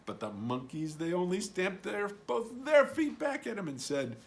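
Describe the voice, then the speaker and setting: A man reading a picture book aloud in an expressive storytelling voice. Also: a little high, measured pace, few pauses, slight background noise.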